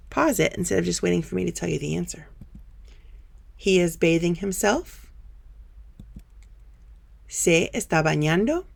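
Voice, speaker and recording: A woman gives a step-by-step Spanish grammar lesson. Her voice sits low, with a gravelly fry at the ends of phrases. She explains patiently and keeps telling students to pause and try it themselves. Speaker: Spanish teacher. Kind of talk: grammar lesson over slides.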